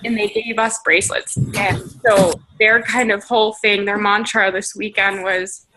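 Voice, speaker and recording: A woman's voice: mid-range voice, flat delivery, normal speed, sharp tone, slight background noise, poor audio. A woman leading a team video call, giving an emotional motivational pep talk in a shaky, tearful, gushing way.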